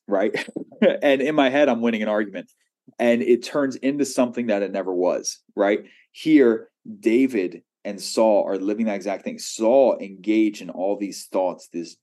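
A pastor delivers a sermon in a low, dark, mellow voice. He talks conversationally, keeps asking the congregation "right?", and slips into the voices of the people in his stories. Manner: conversational preaching with frequent "right?" asides.

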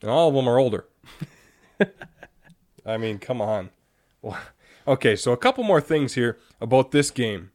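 A young man hosting a casual sports talk show, animated and exasperated, often laughing. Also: mid-range voice, moderate pace. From Wisconsin. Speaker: sports podcast host.

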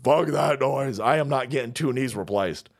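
A medium-pitched man's voice at normal speed belongs to a livestream host in his forties. His casual rant is full of swearing, frequent laughter, and animated outbursts.

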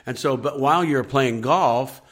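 A pastor with a mid-range, slightly bright voice talks at a measured pace on a faith podcast. His earnest preaching circles back to the same points, and he voices people's complaints as acted-out quotes.

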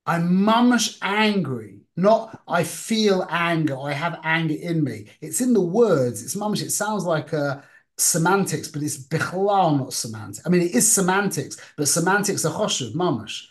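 Guy giving a laid-back torah class, slightly high voice, chatty, throws in hebrew and yiddish words. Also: animated, moderate pace. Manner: conversational, peppered with Hebrew and Yiddish terms; asks the listeners questions. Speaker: Torah teacher. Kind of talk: informal Torah class to a small group.

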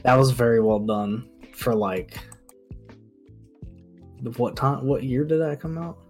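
A man's voice: medium pitch, a little slow, a little mellow. A man co-hosting a casual podcast over an online call, loose and swearing freely. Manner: loose, swears, laughs often. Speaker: podcast co-host. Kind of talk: casual chat. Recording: online call, faint music behind.

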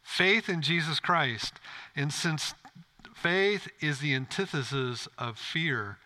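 A man's voice: a little high, takes it slowly, pushed and bright. A man pastor preaching a sermon in a church, earnest and direct, often asking the congregation questions.

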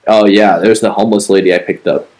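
This podcast co-host speaks quickly in a lowish, darkish voice with a steady tone. The recording is rough, and his story wanders along in a loose, profane way packed with fillers.

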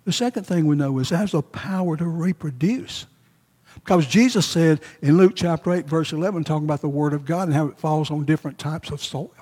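Male pastor, warm husky voice, emphatic sermon delivery with repeated phrases, echoing church hall. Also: on the high side, fairly quick.

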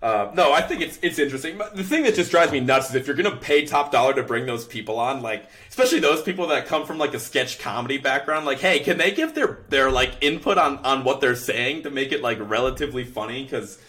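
Young male podcast host, mid pitch, exasperated ranting chat. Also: expressive, fast talker, hardly any pauses, bright, forceful tone. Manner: ranting, exasperated, laughs often. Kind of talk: casual sports podcast chat.

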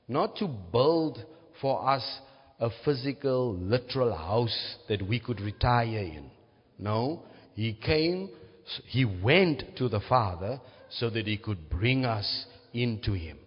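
A man's voice: medium pitch, breathy edge. A man preaching a teaching sermon, often checking in with his listeners. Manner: teaching, asks "right?" to check understanding. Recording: muffled, reverberant hall.

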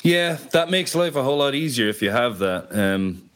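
A man's voice: mid-range voice, big pitch swings, normal speed, fairly bright tone. A man interviewing a friend in casual conversation, supportive and agreeable.

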